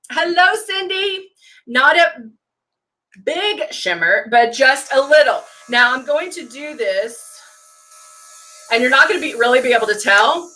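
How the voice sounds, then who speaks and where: Greeting viewers by name, a middle-aged woman chats casually while demonstrating makeup on her live stream. She has a high-pitched voice with a sharp tone.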